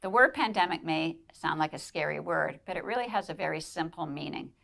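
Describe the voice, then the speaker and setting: A woman's voice: low voice, lively intonation, fairly quick, fairly bright tone. A robotic synthetic woman's voice reading an explanation, played back from a video clip. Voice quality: robotic, creaky.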